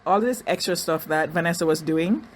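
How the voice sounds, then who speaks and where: A woman's voice: lowish voice, moderate pace. Chatty woman recapping reality TV. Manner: chatty, animated, restarts and asides, mocking impressions. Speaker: reality TV reviewer. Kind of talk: casual recap commentary.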